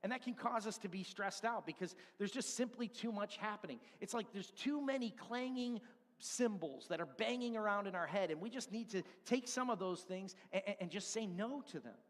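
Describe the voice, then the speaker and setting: A man in his forties preaching a sermon as pastor in a church, animated, acting out his points and sometimes shouting. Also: sits high, fairly quick. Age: 40s. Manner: animated, acts out stress with props and shouts. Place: church sanctuary. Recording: long hall reverb.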